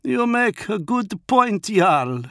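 A man voicing a gruff, growling male space wolf pack leader, slow and gravelly. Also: big pitch swings, pushed and bright, no echo, clean studio sound, exaggerated voice. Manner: slow, growled, raised pitch.

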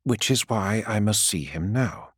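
A man voicing a noble warrior angel prince, speaking low, quiet and measured in a storybook reading. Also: animated, husky, dry recording, clean studio sound. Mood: calm resolve.

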